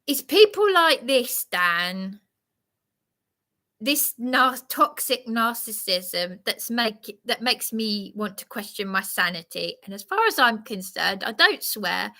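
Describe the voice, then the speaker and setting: Slow, bright-voiced flustered woman. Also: fairly high pitch. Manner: flustered, agitated, apologetic. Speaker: live streamer. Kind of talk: rambling live-stream chat.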